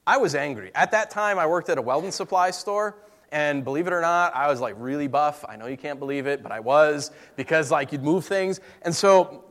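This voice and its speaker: This man's voice is a little high and fairly quick as he delivers a sermon. He recounts a personal story emotionally, his voice swinging from quiet to loud.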